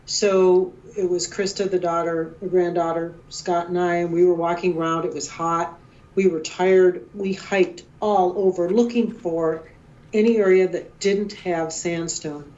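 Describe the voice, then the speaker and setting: Excitable middle-aged woman, dull audio. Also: lowish voice, a little slow. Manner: emotional, excitable, quoting herself. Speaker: guest researcher. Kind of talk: animated storytelling interview.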